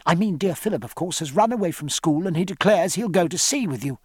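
A gentle, anxious young wife, softly put on by a man reading aloud. Her words come quick and tumble over one another, low and breathy. The recording is close and dry. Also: lively intonation, no room sound. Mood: tender hurried.

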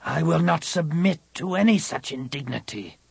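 A man's voice: fairly high pitch, lively intonation, normal speed, creaky, husky, no echo, voice pushed up, full character voice. A man voicing a contemptuous alien priestess in an audiobook. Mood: scornful. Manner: scornful.

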